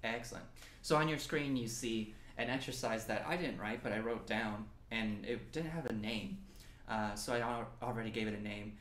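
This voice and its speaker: A man's voice: lowish voice, moderate pace, fairly bright tone, a little hiss or hum. Young man, percussion teacher, encouraging, counts beats aloud, roomy echo. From New Mexico. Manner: encouraging, counting aloud while playing along. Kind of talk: online drum lesson. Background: snare drum and practice pad playing.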